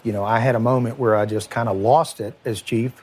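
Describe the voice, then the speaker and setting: A middle-aged man with a Kentucky accent, a former police chief recalling a night in a halting, emotional interview, with many restarts and trailing pauses. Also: mid-range voice, fairly even intonation, a little mellow, slightly rough. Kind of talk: recorded interview recollection.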